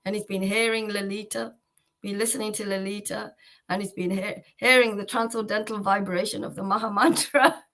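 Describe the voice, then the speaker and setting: A woman's voice: medium pitch, steady tone, fairly quick, a bit bright, low-quality recording. A woman hosting a devotional chanting livestream, talking casually to her viewers in a rambling, fervent way, with many repeats of "you know".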